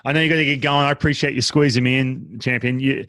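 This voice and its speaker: Australian man, podcast host, rapid chatty delivery, dry close sound. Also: medium pitch, dry recording. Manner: quick, animated, trips over restarts. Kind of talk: casual interview chat.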